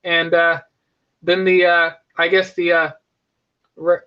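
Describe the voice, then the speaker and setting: A man's voice: on the high side, monotone, takes it slowly, clean tone, lo-fi sound. A young man casually reviewing a movie, rambling with frequent restarts and fillers.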